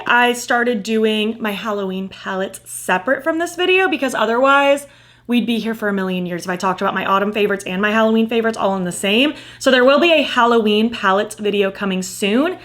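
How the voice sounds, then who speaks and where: A woman's voice: on the high side, fairly bright tone. A young woman chats her way through a makeup review, gushing over each product. She talks casually, leaning on fillers and repeated praise. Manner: gushing, enthusiastic, lots of fillers like "like" and "so cute". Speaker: beauty vlogger.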